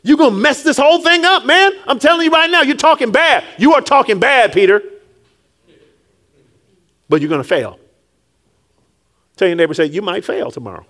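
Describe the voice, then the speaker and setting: A man preaching a sermon with call-and-response, rising to shouts and dropping low, acting out scripture figures. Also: moderate pace, pauses often. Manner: animated, call-and-response, rises to shouts then drops low; acts out Jesus and Peter in quiet low tones.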